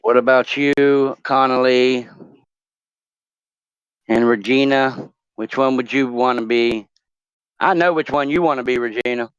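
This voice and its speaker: Man, chat show host, rambling jokey talk, smooth voice, slightly dull sound. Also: mid-range voice, dry recording. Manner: rambling, joking, many fillers. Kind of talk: casual chat, asking would-you-rather questions.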